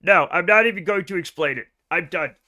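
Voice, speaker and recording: A man streaming a space game live, chatting with his audience in an animated, joking way and swearing freely. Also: sits high, brisk. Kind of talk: live gameplay stream chat.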